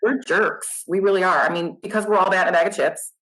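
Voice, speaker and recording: A middle-aged woman, a nurse guest, chatting casually in an interview, animated and self-deprecating. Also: fairly low pitch, fast, rough recording.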